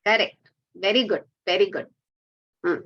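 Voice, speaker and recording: A woman's voice: mid-range voice, moderate pace, muffled recording. A woman teaching an online Sanskrit pronunciation class, patiently correcting and repeating words.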